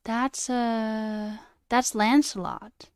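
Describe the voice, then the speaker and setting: A woman's voice: fairly high pitch, little pitch movement, drawn-out words, a little mellow, smooth, dry recording, studio quality. A woman streamer chatting casually with her viewers, trailing off and answering chat as she goes. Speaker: coding livestreamer.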